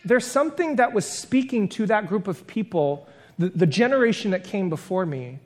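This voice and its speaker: A man's voice: high voice, expressive, normal speed, a little mellow. A man preaching a sermon as pastor, reflective and conversational, building long spoken lists and stopping for self-deprecating asides.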